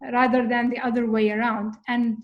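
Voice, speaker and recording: A woman with a somewhat high-pitched voice talks through her thoughts in an easygoing conversation. She is earnest and reflective, often stopping on little fillers as she searches for words. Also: level tone, moderate pace, muffled recording. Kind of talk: casual conversation about coping with anxiety.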